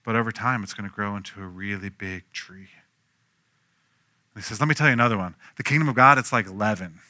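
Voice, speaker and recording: A man preaching a sermon, telling stories with lively acted-out voices and swinging from hushed to loud. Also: lowish voice, a little fast, no echo, clean studio sound. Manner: animated storytelling, acting out quoted voices, swinging from hushed to loud. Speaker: pastor.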